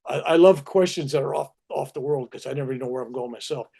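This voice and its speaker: An older man, a spiritual teacher, telling anecdotes in a relaxed conversation and acting out the quotes he tells. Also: a little high, fast talker, creaky. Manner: animated anecdotes with acted-out quotes. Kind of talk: storytelling in conversation.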